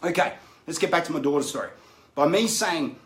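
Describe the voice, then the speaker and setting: A man with a slightly high voice leads a coaching session and mixes teaching with personal stories. He keeps checking in with his listeners as he goes. The sound is roomy and echoey. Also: lively intonation, fairly quick, fairly bright tone. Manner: conversational, keeps checking in with "right?" and "make sense?". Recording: roomy echo.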